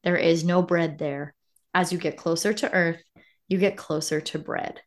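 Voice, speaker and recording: A woman's voice: lowish voice, steady tone, measured pace. A woman co-hosting a podcast, musing reflectively in casual conversation. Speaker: podcast co-host. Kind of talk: casual chat about a book.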